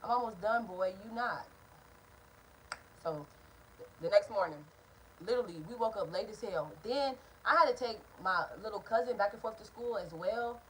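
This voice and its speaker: A woman in her twenties telling a profane, animated storytime to camera from home. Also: mid-range voice, normal speed, slight background noise, poor audio. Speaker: vlogger. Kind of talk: storytime vlog. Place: at home indoors.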